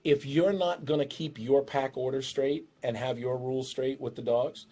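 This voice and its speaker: With a dark, steady tone and a moderate pace, a middle-aged dog trainer jokes his way through advice on his show about dogs and a new baby. He sometimes slips into shrill impressions of dog owners.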